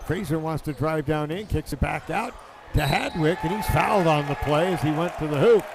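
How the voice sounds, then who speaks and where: A man calling a live basketball game, his voice pitched a little high and rising sharply on made shots. He rattles off plays in quick bursts over clear background noise from the gym broadcast. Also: over a noisy crowd. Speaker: play-by-play announcer.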